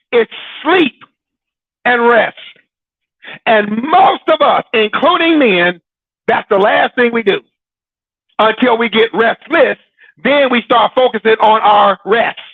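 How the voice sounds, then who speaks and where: Guy preaching, teasing, real high gravelly voice, phone-line sound. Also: animated, measured pace, long pauses, no echo. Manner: teasing and preachy, laughing often, with dramatic repetition. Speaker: host of a Christian broadcast. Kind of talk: sermon-like casual talk.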